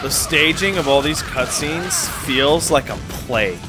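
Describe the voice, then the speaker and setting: A man co-hosting casual gaming commentary, excitable and profane, jumping to shouts. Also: on the high side, a little slow. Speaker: let's play co-host. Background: game music.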